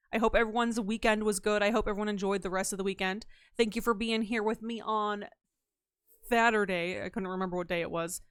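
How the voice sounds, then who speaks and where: A woman's voice: a little high, fairly bright tone, clean tone, dry recording, studio quality. A woman streamer chatting casually and playfully with her live chat, teasing and slipping into silly voices.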